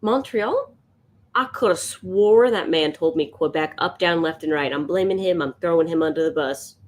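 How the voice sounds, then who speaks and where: A woman's voice: on the low side, normal speed. A woman chatting casually and rambling while she sketches on a live stream. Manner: rambling, chatty, laughs often. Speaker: art streamer.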